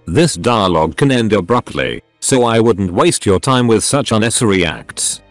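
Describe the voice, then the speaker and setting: Brief: a synthetic man reads a formal, menacing machine sorcerer in a storybook tale, low and lively in pitch. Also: moderate pace, no echo, faint music behind, natural voice. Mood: cold. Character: cold ancient male robot sorcerer, scheming.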